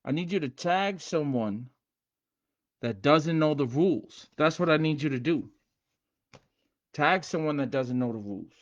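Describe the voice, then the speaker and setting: A man hosting a casual livestream, hyped and streetwise, repeating himself and shouting out viewers by name. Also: fairly high pitch, lively intonation, measured pace, pauses often, highs cut off. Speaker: livestream host teaching game rules.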